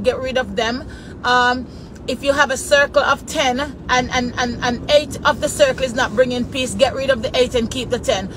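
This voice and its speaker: Jamaican woman chatting from her car. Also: high-pitched. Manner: chatty, greets viewers by name, patois phrasing. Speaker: vlogger greeting live viewers. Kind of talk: casual live-stream chat while driving. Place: inside a car in traffic. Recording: noisy car, road noise behind.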